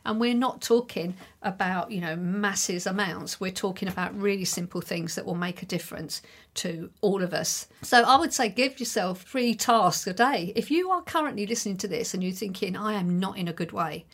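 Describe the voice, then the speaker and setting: A woman's voice: medium pitch, animated, moderate pace, a bit bright. A middle-aged woman speaks alone on her own podcast, addressing listeners directly. Her delivery is chatty and reassuring, steadily encouraging, in an ordinary mid-range voice. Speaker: podcast host. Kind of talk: solo podcast monologue.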